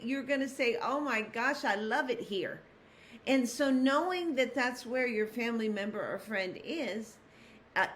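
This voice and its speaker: A middle-aged woman hosting a casual devotional talk, earnest and reflective, rambling a little and laughing softly as she encourages her listeners. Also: a little high, slight background noise. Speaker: host.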